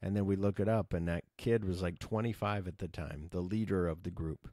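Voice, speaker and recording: On his podcast, a middle-aged host with a deep, relaxed voice rambles through a long personal story, swearing casually and relying heavily on fillers. He speaks fairly quickly, and the recording is dry and close with no room sound.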